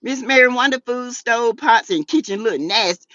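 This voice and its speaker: Southern lady dishing gossip, sassy n animated, kinda high voice, dry muffled mic. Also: moderate pace, no room sound. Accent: Southern US, South Carolina. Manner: sassy, animated, laughs often, dialect-rich Southern speech. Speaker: YouTube talk show host. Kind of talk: casual gossip commentary reading live chat.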